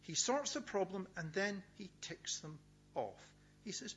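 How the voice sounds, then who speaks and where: Middle-aged man, preacher delivering a sermon; animated, fairly high voice, emphatic and deliberate; dull recording. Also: vocal fry. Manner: emphatic, repeats key words with pauses. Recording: dull, lo-fi sound with faint hum.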